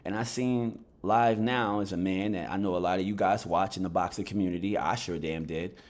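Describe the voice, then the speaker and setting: Just out of bed and low on energy, an adult man rants about boxing in a vlog, blunt, heated and swearing freely. His voice sits low and steady, moving a little fast.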